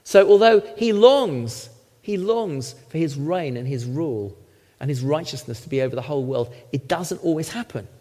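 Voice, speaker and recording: A middle-aged man, a former lawyer, preaching a sermon with emphatic, animated teaching and frequent check-ins with the congregation. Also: on the high side, moderate pace. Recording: long hall reverb.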